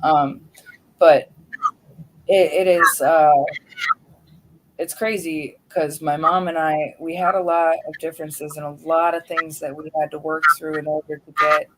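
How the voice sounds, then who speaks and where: A young woman speaking heartfelt and halting about her late mother, at times swearing, as a grieving daughter on a livestream. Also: low-pitched, flat delivery, noisy background. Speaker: grieving daughter sharing a memorial tribute. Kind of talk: emotional personal talk on a livestream.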